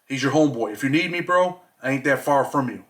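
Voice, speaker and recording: A man reading as a blunt, protective prison inmate who talks in a gruff, streetwise, coaxing way. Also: medium pitch, lively intonation, fast, fairly bright tone, lightly acted. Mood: tough-love.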